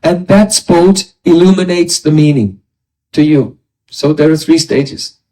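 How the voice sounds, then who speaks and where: In a slow, patient philosophy lecture, a spiritual teacher with a high, warm voice explains each point in turn and stops to ask his audience rhetorical questions. The recording catches him from far off the mic.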